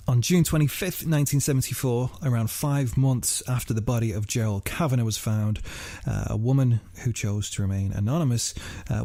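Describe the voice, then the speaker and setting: Gravelly man telling a crime story. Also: medium pitch, mellow, no echo. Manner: swears freely, many fillers, laughs while telling. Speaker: podcast host. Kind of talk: casual true-crime chat.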